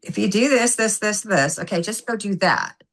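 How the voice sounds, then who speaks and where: A woman guest on a podcast interview, an animated, emphatic storyteller who acts out what people said. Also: medium pitch, normal speed. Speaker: guest, former gymnastics coach.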